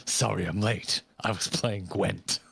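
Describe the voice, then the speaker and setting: A man's voice: lowish voice, steady tone, a little slow, gravelly, a bit bright, slightly rough. A man streaming a game, chatting in a wry, joking way and swearing casually. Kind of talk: casual gaming stream chat.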